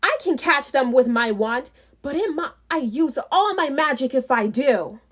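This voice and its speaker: A woman voicing a kind, cheerful young female fairy in a storybook reading, gently and sweetly. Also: high voice, lively intonation, unhurried.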